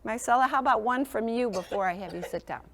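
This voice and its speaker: A woman's voice: on the high side, quick pace. A woman presenting a sleep program in a school classroom, talking to young children in an encouraging, sing-song teacher manner and often checking in with them.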